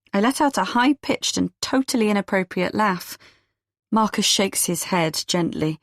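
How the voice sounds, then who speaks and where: A woman narrates a first-person audiobook at a middling pitch. Her voice has a gravelly, fry-touched texture. The sound is dry and close, with no room around it. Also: expressive, normal speed, no room sound.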